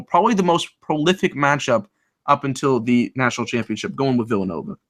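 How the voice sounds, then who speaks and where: A young man talks sports on a video call, upbeat and chatty as he works through his picks. His voice is bright and forceful, sitting at an ordinary pitch for a man. He restarts his sentences now and then and keeps the tone easygoing. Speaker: co-host making bracket picks. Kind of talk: casual sports chat.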